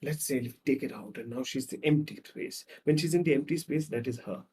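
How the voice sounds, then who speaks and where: A man, a psychologist guest on a podcast, tells stories dramatically and acts out the scenes, swinging between loud and soft. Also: mid-range voice, brisk. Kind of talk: podcast conversation.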